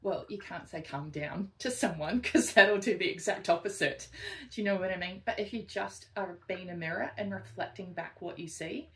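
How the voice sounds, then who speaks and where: A woman's voice: mid-range voice, normal speed, low-quality recording. A woman co-hosting a casual podcast, a social worker who tells work stories and acts out the people she quotes. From Australia. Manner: animated storytelling, acts out quotes.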